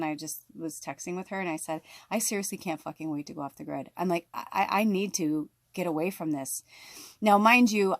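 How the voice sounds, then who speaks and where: A woman's voice: medium pitch, no room sound. Woman spiritual vlogger, casual unfiltered rant full of "like" and "you know", dry mic. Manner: rambling, heavy fillers, frequent swearing. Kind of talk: casual venting to camera.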